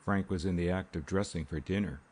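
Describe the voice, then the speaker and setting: Brief: male audiobook narrator, low-pitched and husky, steady measured reading. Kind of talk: scripted narration.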